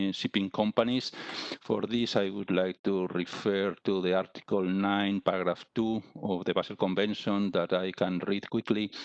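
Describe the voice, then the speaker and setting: A man speaking as a panelist in an online discussion, measured and hesitant, with many fillers and restarts. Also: sits low, no echo, muffled recording.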